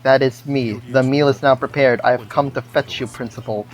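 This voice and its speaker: A woman voicing a formal, deadpan little boy who speaks unusually low for a child. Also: fairly quick, faint music behind, rough recording.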